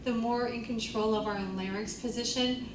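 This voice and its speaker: A woman's voice: on the high side, fairly even intonation, moderate pace, background noise. A woman vocal coach leading a group singing class, encouraging the students and singing vowels to demonstrate. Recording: roomy, distant mic, loud music.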